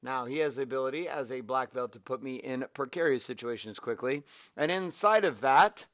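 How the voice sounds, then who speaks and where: A man's voice: medium pitch, brisk, a bit bright, dry recording, studio quality. A man hosting a motivational talk, coaching listeners through breathing and counting out drills with energy. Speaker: motivational podcast host.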